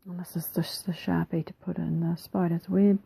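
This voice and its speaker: A woman with a New Zealand accent narrating her craft process over a time-lapse, soft-spoken and relaxed, often slipping into a whisper, a little self-deprecating. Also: on the low side, moderate pace, creaky, slightly rough, dry recording, low-quality recording. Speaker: mixed media artist.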